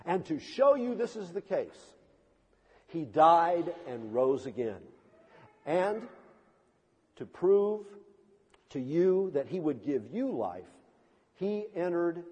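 Husky high-ish guy preaching in a big echoey church, slow and swooping all over. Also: mellow. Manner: impassioned, emphatic preaching with dramatic swells. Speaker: pastor. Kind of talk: sermon. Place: church sanctuary.

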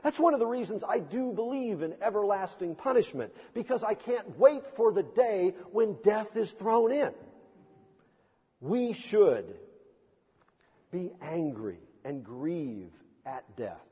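A man's voice: high-pitched, lively intonation, takes it slowly, dark tone, slightly rough. A male pastor preaching a sermon with impassioned, emphatic delivery and dramatic swells, heard in a church sanctuary with a long reverb.

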